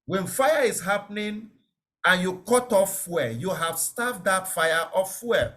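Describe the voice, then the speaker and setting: Man teaching safety, lively pitch. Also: measured pace. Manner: explanatory, repeats key words, checks understanding. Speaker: safety trainer. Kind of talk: online lecture.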